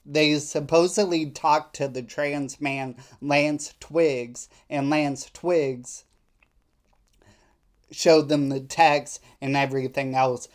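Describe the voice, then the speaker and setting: A live stream host giving political commentary in a skeptical, indignant way. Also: mid-range voice.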